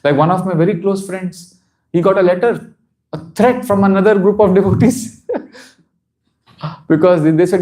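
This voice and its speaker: Male spiritual teacher, higher-pitched voice, earnest, repeats lines, laughs often. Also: normal speed, pauses often, darkish tone. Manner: repeats phrases for emphasis. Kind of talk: devotional seminar talk.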